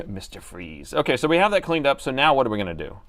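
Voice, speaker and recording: Chatty man with lively pitch. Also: very fast. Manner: chatty, laughs often, talks to viewers while working. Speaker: laptop repair livestream host. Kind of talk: casual live repair chat.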